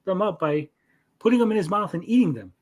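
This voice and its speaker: A man's voice: sits high, animated, fast talker. A man co-hosting an anime review podcast, casually retelling scenes with swearing and acted-out quotes. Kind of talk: casual chat.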